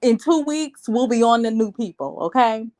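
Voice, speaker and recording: A woman's voice: a little high, expressive, moderate pace, darkish tone. Sassy, blunt woman recapping reality TV. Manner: talks straight to viewers, calls them babe and child. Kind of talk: casual review rant.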